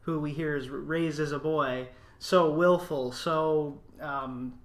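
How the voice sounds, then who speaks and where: A man's voice: a little high, fairly even intonation, slow pace, fairly bright tone. A man hosting a film podcast, talking with eager, emphatic enthusiasm in a casual discussion. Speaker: podcast host.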